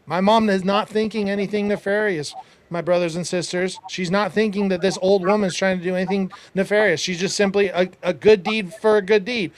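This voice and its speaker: A man's voice: high voice, a little fast. A man hosting a podcast, telling a personal story in a casual, emphatic way, with preachy asides to his listeners. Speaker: podcast host.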